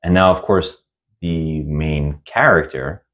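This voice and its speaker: A man's voice: extremely low pitch, slow, narrow, tinny audio. A man co-hosting a podcast, retelling a film in a casual, rambling way with many restarts. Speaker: podcast co-host reviewing films. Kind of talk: casual chat.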